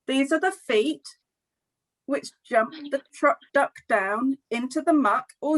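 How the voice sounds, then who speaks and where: A middle-aged woman leading a children's storytime over a video call, reading a picture book aloud in an animated, expressive, friendly way. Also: sits high, takes it slowly, poor audio. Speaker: storytime session leader.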